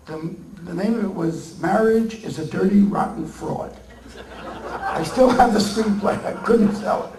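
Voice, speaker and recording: Gravelly high-voiced old comic, echoey hall. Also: male voice, a little hiss or hum. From Brooklyn, New York. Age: 80s. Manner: rambling, joking storyteller who bursts into loud bits. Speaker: comedian accepting an award. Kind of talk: comic acceptance speech. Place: large banquet hall with an audience. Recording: echoey hall, mic far off, crowd laughter.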